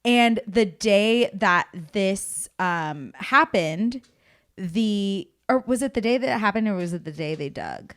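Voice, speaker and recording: A woman's voice: medium pitch, lively intonation, takes it slowly. A young woman co-hosting a podcast, telling stories in a gossipy, casual way and swearing freely. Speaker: podcast co-host. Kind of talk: casual chat.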